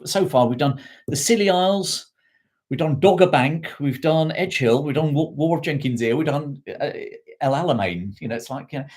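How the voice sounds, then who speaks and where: A man's voice: mid-range voice, darkish tone. A man talks history to a live online audience in an unscripted, meandering way. He restarts sentences, corrects his own slips and stops to thank viewers from the chat. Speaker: history livestream host.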